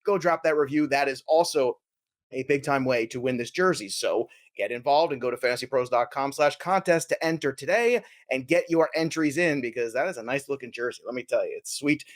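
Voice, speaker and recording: An energetic, jokey American man hosting a casual fantasy sports podcast. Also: mid-range voice, fairly quick. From United States. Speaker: podcast host.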